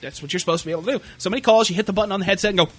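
A young man ranting in a casual comedic way, swearing a lot and acting out shouted impressions. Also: high voice, racing, soft background music. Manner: profane, animated, yells impressions of people.

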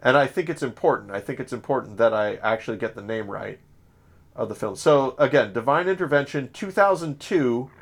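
In a medium-pitched, fairly bright voice, a Southern Illinois podcast co-host chats casually. He rambles, using lots of fillers, restarts, and self-corrections.

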